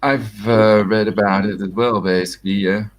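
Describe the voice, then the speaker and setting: A man's voice: fairly low pitch, steady tone, normal speed, low-quality recording. A man in a casual group voice chat who reads messages aloud and muses on them. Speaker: chat participant.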